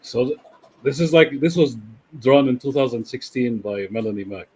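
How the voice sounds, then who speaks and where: A man with a husky voice explains things in a sardonic tone during a casual online chat. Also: mid-range voice, expressive, moderate pace, darkish tone.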